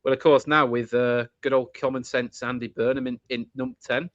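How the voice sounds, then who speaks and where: Chatting casually as a podcast host, a man rambles along with frequent restarts and asides. His medium-pitched voice is level, a bit bright, and at normal speed, in a dry recording with the highs cut off.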